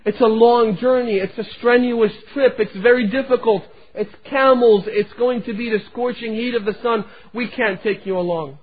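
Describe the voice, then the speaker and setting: A grieving father speaks tenderly and firmly to his sick daughter, played by a man mid-sermon. His voice is husky and fairly high. The recording is thin and phone-like. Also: normal speed, few pauses. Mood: sorrowful. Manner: tender, sorrowful, emphatic.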